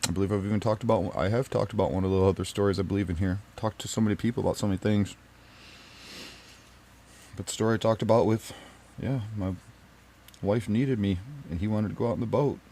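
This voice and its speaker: A man telling a personal story to camera in an emotional, emphatic and pleading way, swinging between loud and quiet. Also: on the low side, steady tone, quick pace, long pauses, slight background noise.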